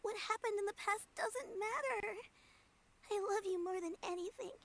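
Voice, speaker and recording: A woman's voice: extremely high pitch, moderate pace, fairly bright tone. An actress voicing a devoted young girl in a game, earnest and pleading. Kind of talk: game dialogue.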